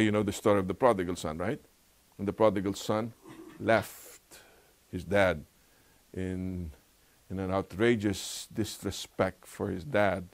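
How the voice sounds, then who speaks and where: Animated man teaching a Bible lesson. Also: fairly low pitch. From Philippines. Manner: conversational, rhetorical questions, laughs often. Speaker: Sabbath school teacher.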